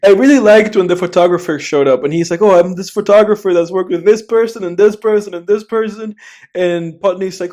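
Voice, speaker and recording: A man's voice: high voice, fast talker, darkish tone. A young man co-hosting a film podcast, rambling casually, swearing, laughing often and acting out scenes. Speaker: podcast co-host. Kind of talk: casual chat.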